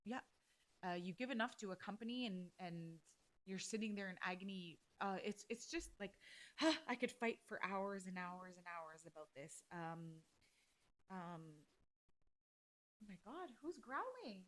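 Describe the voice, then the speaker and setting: A woman's voice: lowish voice, normal speed, a bit bright. A woman hosting a casual solo podcast, ranting bluntly and heatedly with plenty of swearing. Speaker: podcast host.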